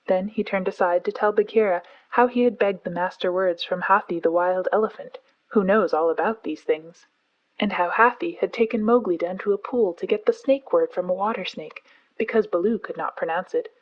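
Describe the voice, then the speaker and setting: A woman narrating a classic story aloud as a calm audiobook for sleep. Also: mid-range voice, dull audio.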